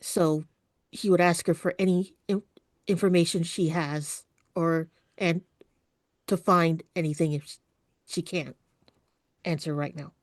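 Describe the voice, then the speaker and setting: A woman's voice: lowish voice, fairly even intonation, measured pace, pauses often, dry recording, studio quality. A woman playing a tabletop game, describing what her character does in a hesitant, thinking-aloud way. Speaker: player. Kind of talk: tabletop role-play chat.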